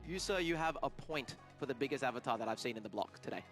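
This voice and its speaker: A man's voice: mid-range voice, lively intonation, fast talker, a bit bright, soft background music. Playful Australian man co-hosting. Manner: laughs often, playful. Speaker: event co-host. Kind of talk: live stream co-commentary.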